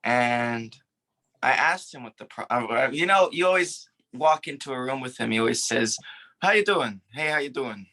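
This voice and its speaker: A man's voice: mid-range voice, animated, moderate pace, bright, forceful tone, poor audio. A young man hesitantly telling a family story, acting out what was said. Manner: hesitant, acts out quotes. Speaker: grandson sharing a story. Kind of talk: casual storytelling.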